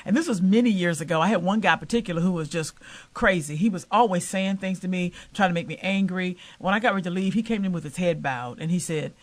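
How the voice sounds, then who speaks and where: A middle-aged woman guest on an interview show tells her stories at a brisk clip. She speaks with emphatic, preacherly conviction and slips into the voices of the people she quotes. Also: on the low side. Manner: animated, acts out quoted voices. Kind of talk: interview storytelling.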